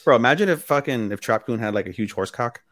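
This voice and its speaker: A man's voice: medium pitch, fast talker, slight background noise. A young man co-hosting a podcast, casually and crudely retelling scenes and acting out the lines. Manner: crude, animated retelling with acted-out quotes. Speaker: podcast co-host. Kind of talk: casual chat.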